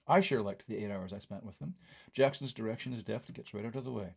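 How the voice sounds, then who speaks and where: A man's voice: fairly low pitch, fast talker, creaky, darkish tone, slightly rough. An older man reading his own film review aloud, with wry, conversational asides.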